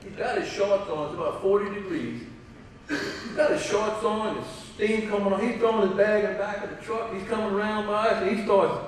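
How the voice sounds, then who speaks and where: A man's voice: sits high, a little fast, slight background noise. A middle-aged man, a father telling stories in an induction speech, acting out quotes with laughing asides. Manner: animated storyteller, acts out quotes, laughing asides. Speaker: father giving a hall of fame induction speech. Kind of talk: storytelling speech at a banquet. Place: large hall. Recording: echoey hall from far off.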